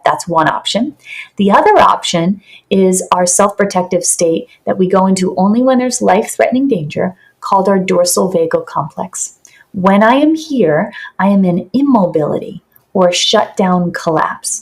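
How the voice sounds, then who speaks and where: A woman guest on a podcast, calmly explaining in an earnest, teaching way with vivid examples. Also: medium pitch, vocal fry. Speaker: podcast guest, somatic practitioner.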